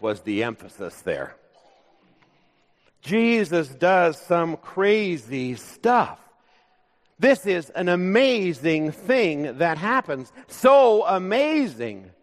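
A male pastor preaching a sermon in a church, speaking in a measured, conversational way with light humor. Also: fairly high pitch. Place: church sanctuary. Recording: long reverb of a large church.

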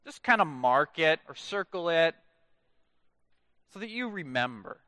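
In a church, a male pastor in his thirties preaches a sermon in a high, bright, lively voice whose pitch swings widely. The sound is dry, close and echo-free. He tells stories animatedly, with his phrase endings often sinking into quiet, drawn-out dramatic drops.

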